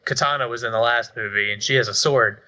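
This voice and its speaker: A man joining a casual movie review as the guest, relaxed and jokey, adding quick remarks and agreement. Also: mid-range voice.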